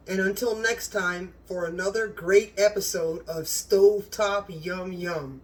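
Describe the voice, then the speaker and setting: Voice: medium pitch, measured pace, hardly any pauses, far from the mic. A cooking channel host in a home kitchen, gushing and exclaiming as they talk straight to viewers while tasting the food.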